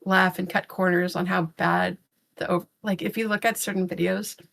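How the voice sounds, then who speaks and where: Woman, low-pitched, gravelly fry, rambling podcast chat, blunt and exasperated. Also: flat delivery, normal speed, fairly bright tone, slight background noise. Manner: rambling, with many fillers and restarts; blunt and exasperated, swears casually. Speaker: podcast co-host.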